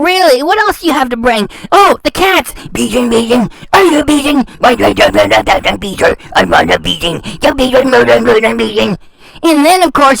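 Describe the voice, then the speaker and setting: Woman ranting on a reaction channel, sarcastic and taunting, high voice, dry close sound. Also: creaky, a bit bright, no echo. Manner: sarcastic, taunting, repeats words for scorn. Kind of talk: ranting commentary.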